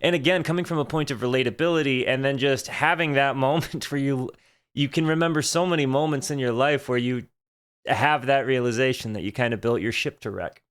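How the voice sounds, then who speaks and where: A man hosting a music reaction video, talking in an earnest, halting way as he thinks aloud. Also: medium pitch, a bit bright, smooth. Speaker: host of a music reaction channel. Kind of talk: casual reaction commentary.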